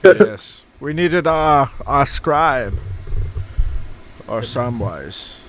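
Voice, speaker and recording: A man's voice: mid-range voice, animated, extremely slow, fairly bright tone, slight background noise. A man hosting a casual podcast, joking crudely with friends. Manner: joking, profane, playful noises. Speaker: podcast host. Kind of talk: casual chat.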